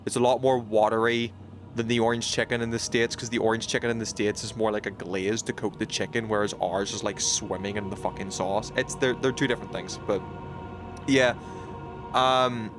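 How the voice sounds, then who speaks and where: A man's voice: fairly low pitch, fairly even intonation, moderate pace, music in the background. Rambling British man chatting on stream. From United Kingdom. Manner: rambling, many fillers and restarts, reacts to chat. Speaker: game streamer. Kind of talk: casual chat with stream chat.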